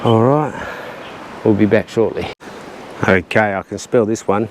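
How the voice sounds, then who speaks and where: A man's voice: lowish voice, measured pace, rough recording. A man narrating a casual walking vlog on coastal trails, chatty and rambling with a light joking tone. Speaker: vlogger. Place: outdoors on coastal cliff trails and caves. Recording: outdoor recording with clear ambient noise.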